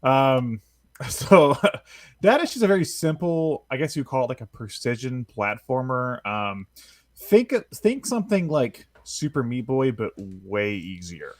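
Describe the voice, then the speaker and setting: A man's voice: mid-range voice, big pitch swings, a little slow, no echo. A man chatting casually on a gaming podcast, reviewing a game with lots of fillers and chuckles. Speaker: podcast co-host.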